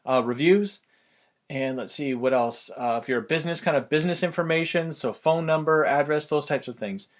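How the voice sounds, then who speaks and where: A man, talking fast and loosely with lots of fillers as he explains online marketing, a little out of breath. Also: a little high. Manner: rapid, loose, filler-heavy delivery. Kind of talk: casual fast explainer talk.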